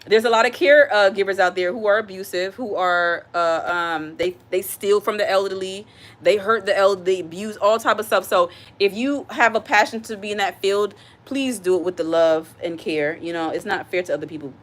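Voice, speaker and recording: A woman's voice: mid-range voice, normal speed. A woman hosting a casual live stream from her home kitchen. She chats straight to her viewers, reads their comments aloud, and repeats her points with earnest feeling. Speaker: livestream host. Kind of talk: casual live-stream chat while cooking.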